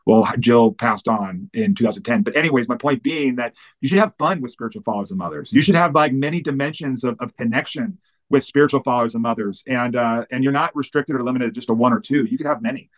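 A man who works as a pastor, telling lively personal stories in an interview with lots of fillers and restarts. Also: mid-range voice, lo-fi sound. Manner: animated, fast-running anecdotes with many fillers. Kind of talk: storytelling in an interview.

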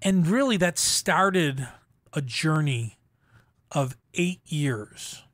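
A middle-aged man telling his personal testimony as an interview guest, in an earnest, halting way with frequent restarts. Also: on the high side, animated, fairly bright tone, dry recording, clean studio sound. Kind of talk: emotional personal story in a faith interview.

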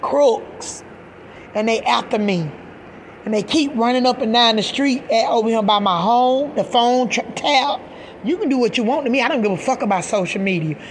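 A woman's voice: a little high, a little fast, a little hiss or hum. A middle-aged woman, a mother, giving an impassioned personal rant to camera, agitated and emphatic, swearing and repeating herself. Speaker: mother speaking out in a video.

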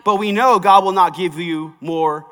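A pastor preaching a sermon, reading scripture and then talking it through in a conversational, sometimes emphatic way. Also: male voice, high-pitched, moderate pace, pushed and bright, big-room sound.

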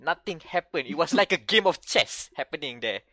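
A man chatting on a gaming podcast with a bright, slightly high voice. He tells stories animatedly, restarting phrases as he goes. The sound is dry and close. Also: brisk, no echo. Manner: animated storytelling with frequent restarts. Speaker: podcast co-host. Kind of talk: casual chat.

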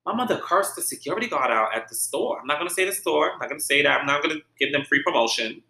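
A man's voice: on the high side, expressive, quick pace, vocal fry, sharp tone. A man from Saint Vincent with a light Vincentian accent, hosting a casual solo podcast and telling a story animatedly, swearing freely. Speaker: podcast host. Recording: roomy echo.

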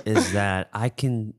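A man's voice: lowish voice, fairly bright tone. A young man from Michigan co-hosting a podcast, telling a story in casual chat and acting out quotes with bursts of laughter. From Michigan, USA. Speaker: podcast co-host.

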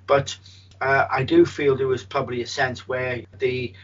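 A medium with a husky voice, telling a story in a rambling way, with many restarts. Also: male voice, medium pitch, level tone, moderate pace, muffled recording. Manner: rambling, frequent restarts and fillers. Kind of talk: storytelling in an interview.

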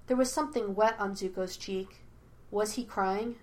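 A woman with a mid-pitched voice reads fan fiction as a podfic audiobook. Her storytelling is steady, measured, and expressive.

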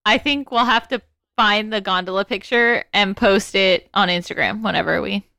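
A woman co-hosting a casual chat, relaxed and unhurried. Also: mid-range voice, creaky, no room sound, clean studio sound.

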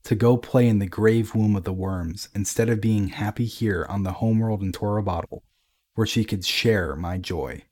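A man voicing a boisterous drunken emperor who jeers loudly and bellows at those around him. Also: on the low side, moderate pace, husky. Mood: accusing. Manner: loud, jeering, theatrical outbursts.

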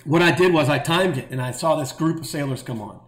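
A middle-aged man telling a long story in a casual, animated way and acting out the voices of the people in it. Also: on the high side, quick pace, roomy sound. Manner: animated, acts out quoted voices. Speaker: guest telling stories.

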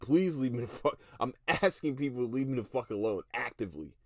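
A man's voice: mid-range voice, expressive, fairly quick, dry recording, studio quality. A man in his thirties hosting a solo podcast, ranting with heavy profanity and breaking into laughter. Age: 30s. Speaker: podcast host.

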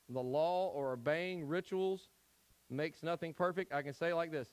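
A man's voice: a little high, no room sound, low-quality recording. A man from Tennessee preaching an evening Bible study, conversational, with frequent "okay?" check-ins to the congregation. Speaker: pastor.

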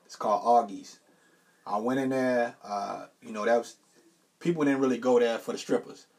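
A man's voice: medium pitch, moderate pace, recorded from a distance. A man co-hosting a podcast, telling stories casually with a lot of slang. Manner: relaxed storytelling with slang. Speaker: podcast co-host. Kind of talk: casual chat.

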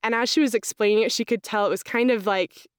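A woman's voice: fairly high pitch, fairly even intonation, fast talker, clear, resonant tone, no room sound, clean studio sound. A young woman, an accounting student, telling her story in a casual interview, chatty with lots of "like" fillers. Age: young adult. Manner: chatty, frequent "like" fillers, reenacts own thoughts.

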